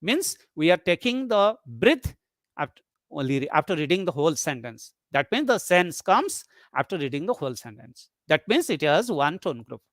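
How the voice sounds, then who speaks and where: A lecturer talking through a webinar lesson in a mid-pitched voice, recorded dry and close with no room sound. The delivery is patient and explanatory, circling back over each point. Rhetorical questions keep the listeners engaged. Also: big pitch swings, moderate pace, no room sound.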